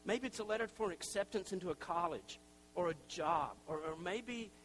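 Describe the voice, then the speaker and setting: Guy preaching, kinda high voice, chatty and jokey, faint hum behind. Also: moderate pace, fairly bright tone, low-quality recording. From Tennessee. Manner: conversational and self-deprecating, with asides and acted-out quotes. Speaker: pastor. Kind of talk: sermon.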